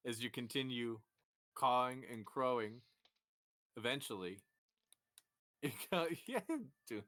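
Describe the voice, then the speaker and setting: A man's voice: mid-range voice, slow, pushed and bright. A man narrating as game master of a tabletop role-playing session, who also puts on a dwarf hireling in broken speech.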